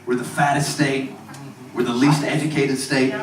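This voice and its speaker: A stand-up comedian from Mississippi working a club crowd with crude, profane jokes and deadpan asides. His voice sits at a middle pitch and comes through roomy and distant, with steady noise behind it. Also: moderate pace. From Mississippi, USA. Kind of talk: stand-up routine. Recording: echoey club recorded from far off.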